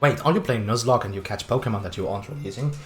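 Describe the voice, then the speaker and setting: A game streamer with a Finnish accent, casually chatting with viewers, excitable and laughing often. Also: medium pitch, quick pace, faint music behind. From Finland. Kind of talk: casual livestream game commentary.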